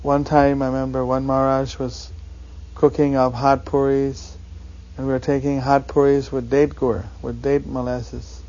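Man, monotone delivery, halting anecdotes, muffled lo-fi sound. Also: medium pitch. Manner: halting anecdotes with many fillers. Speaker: devotee recalling his teacher. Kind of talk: reminiscing interview.

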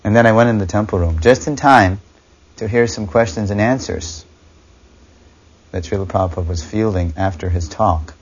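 Male, low voice, reflective explainer, dull lo-fi recording. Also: moderate pace, husky. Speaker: devotee recounting memories. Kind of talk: reflective storytelling.

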